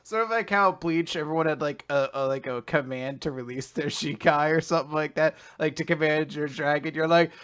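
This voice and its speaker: A man co-hosting a casual manga podcast, animated and quick to laugh. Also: a little high, clean tone. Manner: animated, laughs often, bursts into mock British voices. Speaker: podcast co-host. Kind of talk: casual chat.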